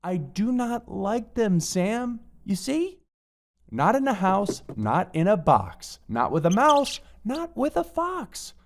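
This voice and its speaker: A woman's voice: medium pitch, sing-song, takes it slowly. A woman reading a children's rhyming storybook aloud in a rhythmic, sing-song way.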